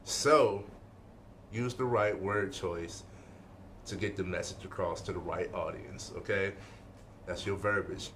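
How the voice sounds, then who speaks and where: Emphatic low-voiced man teaching. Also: steady tone, unhurried, pauses often, noisy background. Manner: emphatic, repeats points, checks in with "okay?". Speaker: life-skills speaker. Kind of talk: informal motivational lesson.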